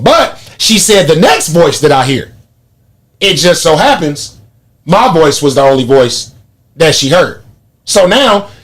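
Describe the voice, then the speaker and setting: A man, hosting a podcast and telling profane stories in casual chat. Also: a little high. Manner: animated storytelling, profane, laughs often. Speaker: podcast host.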